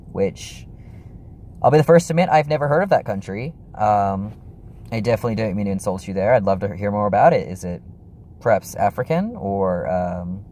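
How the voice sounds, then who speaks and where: A man's voice: lowish voice, mellow, slight background noise. A young man chatting casually in a vlog, rambling and apologetic, with lots of fillers and restarts. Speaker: YouTuber.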